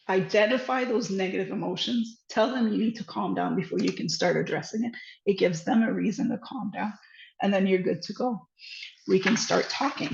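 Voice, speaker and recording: A woman giving casual parenting advice, animated and quick to laugh, with frequent restarts. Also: mid-range voice, creaky. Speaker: parenting educator. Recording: echoey room, dull lo-fi sound.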